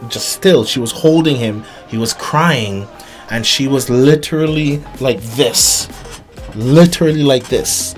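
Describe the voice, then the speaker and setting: A man at an ordinary speaking pitch tells his audience a harrowing personal story. He speaks earnestly, often stopping, restarting and doubling his words as he works through it. Faint music plays in the background. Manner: halting, with frequent restarts and repeated words; earnest, emphatic retelling. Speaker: vlogger.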